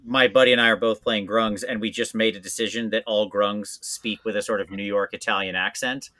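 A man chatting casually as a podcast guest, rambling and self-deprecating, quick to laugh at himself. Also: on the low side, steady tone, pushed and bright. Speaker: guest voice actor.

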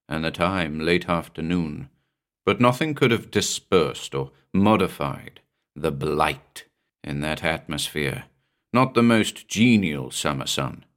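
A male podcast host narrating a horror short story in a measured, somber reading. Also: low voice, fairly bright tone.

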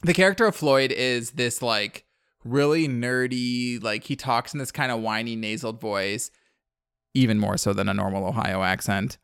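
A young man rambles through a movie recap on a podcast, stacking up "like" and breaking into laughs. His voice sits at an ordinary pitch and sounds close and dry. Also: steady tone, normal speed, fairly bright tone, clear, resonant tone, no room sound. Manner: rambling, filler-heavy, laughing often. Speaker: podcast co-host. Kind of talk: casual chat recapping a movie.

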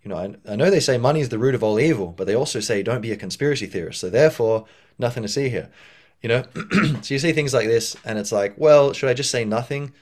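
A man's voice: medium pitch, animated, fast talker, darkish tone. A man hosting a podcast, talking casually on his own in a rambling way with many fillers and restarts. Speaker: podcast host. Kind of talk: casual solo monologue.

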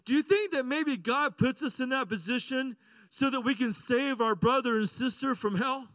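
A man's voice: very high-pitched, normal speed, fairly bright tone, no room sound, poor audio. A middle-aged male pastor preaching a sermon in a conversational, joking way, often asking the congregation "right?" and "amen?".

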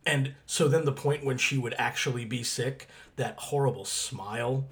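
A man co-hosting a podcast, talking through a TV episode in a measured, reflective way. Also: mid-range voice, a bit bright. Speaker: podcast co-host. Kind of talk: analytical casual discussion.

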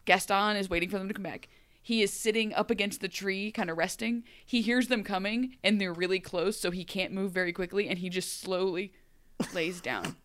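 A woman's voice: medium pitch, fairly bright tone, no room sound. A woman co-hosting a podcast, chatting casually about a TV episode with wry, mocking jokes. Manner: wry, joking, quick to mock. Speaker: podcast co-host. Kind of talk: casual TV recap chat.

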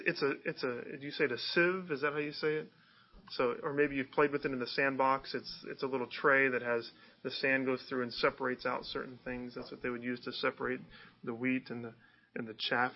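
A pastor with a fairly high-pitched voice preaches a sermon conversationally, frequently posing rhetorical questions to his listeners. The audio is lo-fi.

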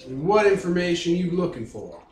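A man voicing a menacing male crocodile-man sewer gang boss in a put-on Louisiana hillbilly accent, taunting with drawn-out words. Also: high voice, very animated, a little mellow. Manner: taunting, drawn-out sneering delivery. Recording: roomy, distant mic with faint background noise.

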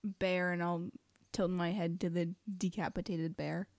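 A woman's voice: on the low side, flat delivery, a little slow, darkish tone, no room sound. A woman playing a tabletop game, chatting casually and laughing easily. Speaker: player.

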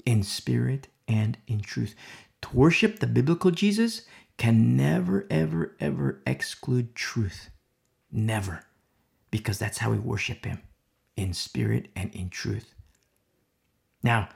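A man's voice: medium pitch, expressive, slow, vocal fry, pauses often. A man preaching a sermon, emphatic and repetitive, often asking "you see?" and sometimes dropping to a near whisper.

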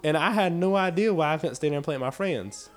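A man's voice: a little high, expressive, fast. A man preaching a sermon to his church, building in intensity with repeated phrases and folksy talk. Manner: impassioned, repetitive preaching cadence; folksy, with y'all.

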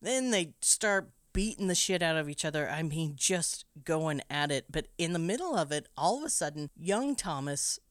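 Low-voiced woman recapping a film. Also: normal speed, few pauses, no room sound, studio quality. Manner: animated, laughing, profane storytelling.

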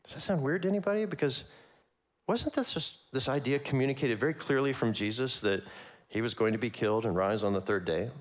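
A man preaching a conversational sermon, casual and animated, with slangy asides and frequent laughs. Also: mid-range voice, fairly quick. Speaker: pastor.

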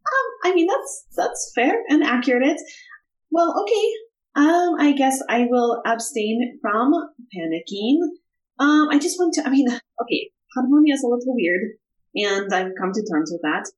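A woman's voice: on the high side, expressive, a little slow, echoey room, poor audio. A woman playing a tabletop role-playing game in character, talking hesitantly with many fillers and restarts. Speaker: player.

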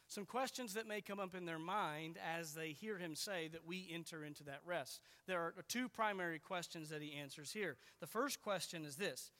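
A man delivers an expository sermon, earnest and patient as he explains, pressing down on key words. His voice sits high and bright. It carries a long reverb from a large church hall. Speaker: preacher.

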